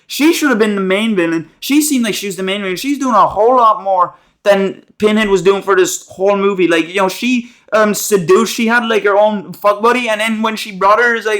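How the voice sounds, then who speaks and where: A young man rants casually about horror films. His voice sits high, and he rambles sarcastically, full of slang and restarts. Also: a little fast, hardly any pauses, a bit bright. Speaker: movie reviewer. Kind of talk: casual rambling movie rant.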